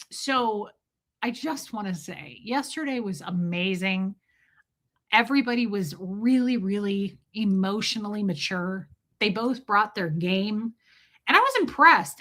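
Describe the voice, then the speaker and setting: A woman hosting a casual livestream, telling animated stories and greeting viewers by name. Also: a little high. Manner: animated storytelling, reads out viewer names. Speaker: livestream host.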